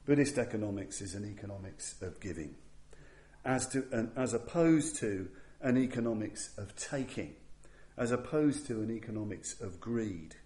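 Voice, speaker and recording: A man's voice: fairly low pitch, expressive, normal speed, dark tone, roomy sound. A man giving an earnest, emphatic Buddhist Dharma talk, with frequent restarts. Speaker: Buddhist teacher.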